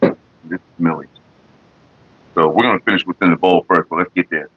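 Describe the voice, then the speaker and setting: Chill guy streaming, swears a lot, bright kinda sharp voice, a bit muffled lo-fi audio. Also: low-pitched, a little fast, breathy edge. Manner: laid-back, profane and rambling. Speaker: livestream host. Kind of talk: casual livestream chat. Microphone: headset. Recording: slightly dull lo-fi audio.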